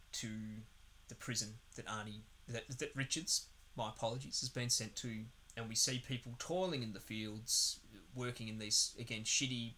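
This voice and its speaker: With slight background noise behind him, a man co-hosts a podcast, rambling through a casual, sarcastic film review peppered with swearing. His mid-range voice sounds pushed and bright.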